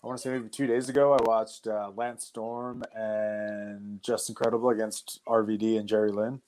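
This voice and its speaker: A young adult man, a wrestler and guest on an interview show, telling stories in a loose, animated way with lots of fillers. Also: on the low side, moderate pace, a little hiss or hum. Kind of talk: casual storytelling.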